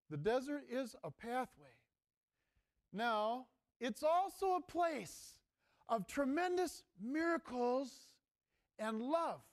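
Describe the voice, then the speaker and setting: A priest delivers a homily in a conversational preaching style and keeps asking his listeners questions. His voice sits high for a man and comes out clear and ringing. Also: expressive, slow. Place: seminary chapel.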